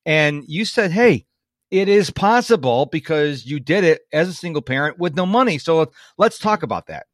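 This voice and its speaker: A man's voice: on the high side, animated, normal speed, few pauses, fairly bright tone, dry recording, studio quality. A man hosting a podcast interview, enthusiastic and playful. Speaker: podcast host.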